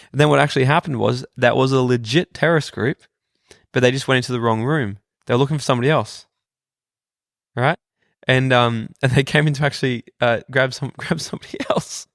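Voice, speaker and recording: A man talks through a casual story as a podcast guest, his voice gravelly and his pitch sitting right in the middle. He is loose and laid-back, swearing freely and breaking off his sentences to start them again. The close mic picks him up in a dry room with no echo. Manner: relaxed, swears freely, many restarts.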